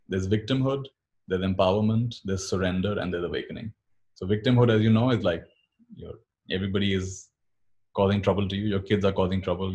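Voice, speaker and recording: A man giving a calm spiritual teaching talk, often repeating phrases softly. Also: lowish voice.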